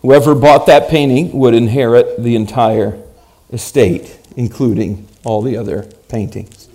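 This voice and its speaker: A man's voice: medium pitch, steady tone, unhurried, dark tone. A preacher acting out an insistent male auctioneer who keeps pleading for bids. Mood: solemn. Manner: pleading, emphatic calls for bids.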